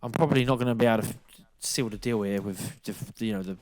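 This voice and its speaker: A man, telling a lively, sweary story in casual podcast chat and acting out the lines of people he met. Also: on the low side, quick pace. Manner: animated anecdote-telling, swears freely, acts out quotes. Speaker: podcast co-host, former boxer.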